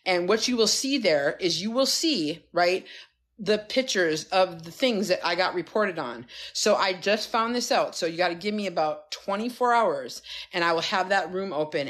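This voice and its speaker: A woman coach on a phone livestream, giving a fired-up, profane pep talk to her followers. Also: lowish voice. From United States. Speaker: wellness coach.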